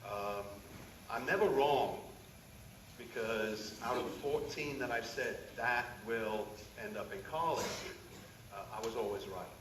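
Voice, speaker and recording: Man, goalkeeper coach, heartfelt off-the-cuff ceremony speech, mid-pitch, echoey and distant. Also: measured pace. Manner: heartfelt, rambling, addresses her directly. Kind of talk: emotional unscripted speech. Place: school signing ceremony hall. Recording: echoey room, distant mic, audible noise.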